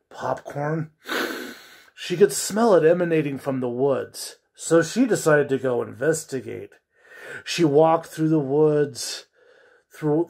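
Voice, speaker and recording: A storyteller narrating a bedtime story with slow, expressive delivery and whispered asides. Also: medium pitch, vocal fry.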